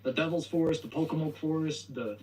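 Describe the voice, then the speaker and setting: Heard from a distance as the video plays across the room, a young vlog host with a fairly high, mellow voice speaks briskly. He retells a story haltingly, stuttering and starting over. The audio is poor, carrying a little hiss or hum.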